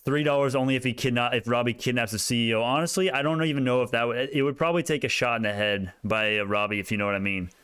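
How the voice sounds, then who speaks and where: An excitable young man runs through stock charts in casual, rambling commentary and keeps drifting onto tangents. His voice is smooth and clear. It sits at an ordinary middle pitch, recorded dry and close. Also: fast talker, hardly any pauses, no echo. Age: young adult. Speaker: stock market YouTuber.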